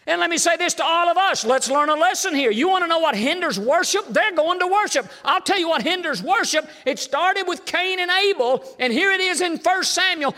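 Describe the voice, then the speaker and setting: An older pastor preaching a sermon in a church, emphatic and folksy, dropping suddenly into low asides. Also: male voice, expressive, normal speed, bright, forceful tone. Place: church sanctuary. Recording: long hall reverb in church.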